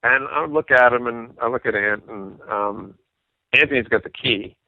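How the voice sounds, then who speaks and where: A middle-aged man, a rock bassist being interviewed, telling anecdotes in a casual way and acting out what people said. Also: moderate pace, no echo. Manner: animated anecdotes, acts out quoted dialogue. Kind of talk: casual storytelling. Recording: dry tinny phone-like sound.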